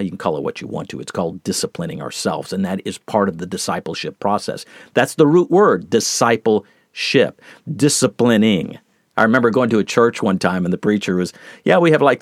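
A middle-aged man preaching a plain-spoken, earnest sermon, teaching with lively shifts in pace and loudness. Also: fairly low pitch, no room sound, studio quality.

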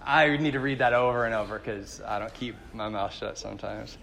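A man's voice: lowish voice, a little fast, vocal fry, a bit bright, long reverb tail. A male pastor giving a sermon in a conversational, storytelling way with jokes.

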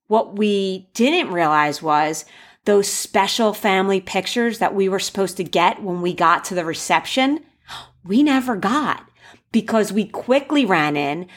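Chatty young woman telling a story. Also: medium pitch. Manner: animated, acts out quoted voices with gasps. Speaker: bride sharing wedding advice. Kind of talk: casual storytelling.

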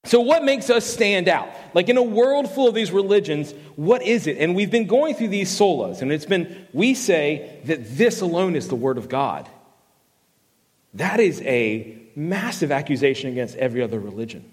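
A man's voice: on the high side, moderate pace. A man preaching a sermon as a fill-in preacher, telling a story and joking at his own expense. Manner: animated storyteller, self-deprecating jokes. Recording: long hall reverb.

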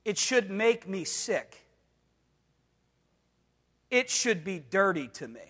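A pastor, an adult man whose voice is high-pitched and a bit bright, delivers an emphatic sermon in a reverberant hall. He repeatedly asks the congregation if they follow him and dramatizes quoted voices in bursts.

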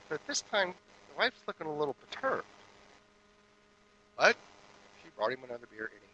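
A man minister giving a sermon that moves from a hushed guided meditation into lively storytelling. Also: a little high, fairly quick, long pauses, a little hiss or hum, rough recording.

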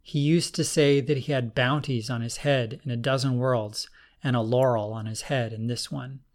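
A man's voice: mid-range voice, steady tone, moderate pace, close to an everyday voice. A man voicing a shaky grieving young man. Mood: subdued.

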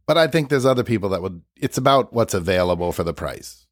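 A man's voice: on the low side, animated, fast, no echo, clean studio sound. A man co-hosting a podcast, easygoing with a wry sense of humor. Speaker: podcast co-host. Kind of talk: casual podcast chat.

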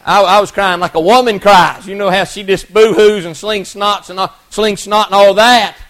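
Man, middle-aged, preacher; high-pitched, folksy storytelling sermon. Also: steady tone, normal speed, fairly bright tone, low-quality recording. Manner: folksy, earnest, many restarts and repeated words.

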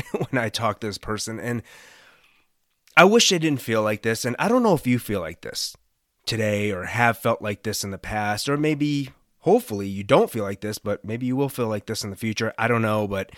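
A man's voice: mid-range voice, no echo, studio quality. A man hosting a Christian podcast, talking in an earnest, conversational way. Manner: earnest, conversational, expressive rises and dips. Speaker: podcast host. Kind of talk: casual devotional podcast talk.

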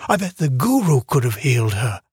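A man's voice: medium pitch, big pitch swings, brisk, husky, no room sound, studio quality. A man voicing a chatty, stubborn little village girl in an audiobook, talking earnestly and insistently. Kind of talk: audiobook character reading.

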